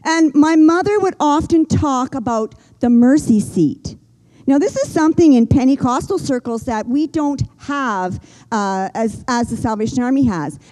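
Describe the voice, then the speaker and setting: An older woman preaching a sermon, earnest and gentle, slowing down and pausing for emphasis. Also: high voice, rough recording. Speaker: pastor.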